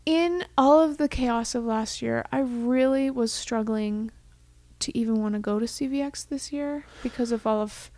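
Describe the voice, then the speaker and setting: Young woman talking things through, earnest, gravelly edge, dry close sound. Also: fairly high pitch, moderate pace, warm tone, no room sound. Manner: heartfelt, reflective, drops to a whisper for quoted thoughts. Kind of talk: casual chat.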